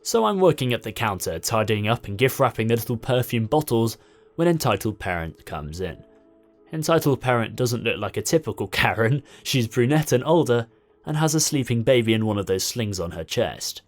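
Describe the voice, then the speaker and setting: A man reading a story aloud as narrator, in an expressive storytelling manner. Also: mid-range voice, moderate pace, soft background music.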